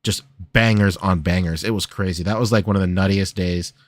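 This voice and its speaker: A man's voice: sits low, steady tone, a little fast, no echo. Laid-back, hesitant man podcaster. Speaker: podcast co-host. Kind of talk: casual chat.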